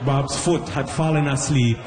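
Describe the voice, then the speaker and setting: A man performing a stand-up comedy set at a live venue, animated, with quick put-on voices for bits. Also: mid-range voice, big-room sound. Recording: live room with clear ambient noise.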